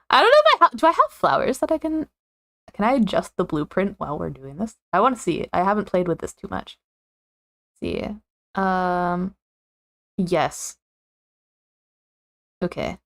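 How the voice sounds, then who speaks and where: A woman's voice: on the low side, sing-song, measured pace, vocal fry, long pauses. Giggly rambling woman streamer. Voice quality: giggly, rambling, lots of fillers and self-corrections. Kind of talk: casual live-stream chat.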